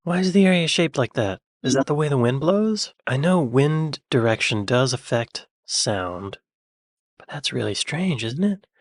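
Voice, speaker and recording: A man's voice: medium pitch, lively intonation, unhurried, no echo, studio quality. An American man hosting a reaction channel, thinking aloud and asking puzzled questions in casual commentary. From United States.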